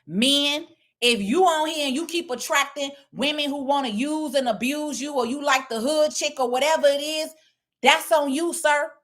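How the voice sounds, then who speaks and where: A woman's voice: sits high, moderate pace, a bit bright. A woman speaking blunt, preachy casual talk, lecturing her viewers. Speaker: online commentator. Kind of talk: casual direct-to-camera talk.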